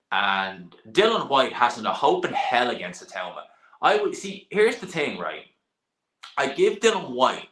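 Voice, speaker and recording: A man's voice: lowish voice, bright, forceful tone. A young man, hosting a casual live stream, reading viewer questions and chatting bluntly about boxing. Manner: chatty, blunt, sighs and laughs, swears now and then. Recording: echoey room.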